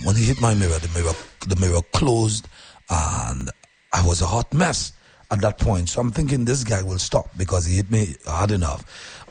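A male radio host tells a story on air, animated and earnest, and offers his listeners heartfelt advice in a preacher-like manner. His voice sits low with a breathy edge.

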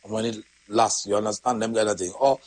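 Husky morning host. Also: male voice, fairly low pitch, fairly even intonation, a little fast, no echo, low-quality recording. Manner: chatty, laughs often, greets listeners by name. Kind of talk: casual live morning chat with sponsor shout-outs.

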